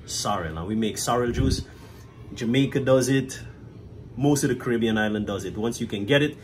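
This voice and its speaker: A man with a Guyanese accent walks viewers through a cooking demonstration in a relaxed, chatty way, often checking in with "right?". His voice sits at an ordinary middle pitch, with a faint hum of noise behind him. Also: moderate pace. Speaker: cook and cafe owner.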